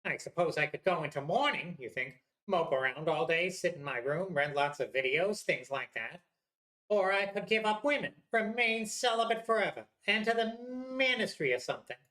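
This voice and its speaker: A gamer putting on a high, pleading voice for a jilted husband, drawn-out and whiny. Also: expressive, bright, forceful tone, reverberant. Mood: musing.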